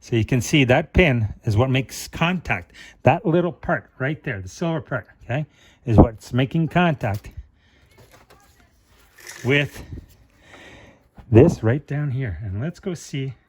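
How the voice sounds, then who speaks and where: A middle-aged man talks through a hands-on repair in a slow, unhurried way, thinking aloud as he works. His pitch sits in a plain middle range. At times his words come out muffled around a flashlight held in his mouth. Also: animated, darkish tone, slightly rough. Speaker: car repair channel host.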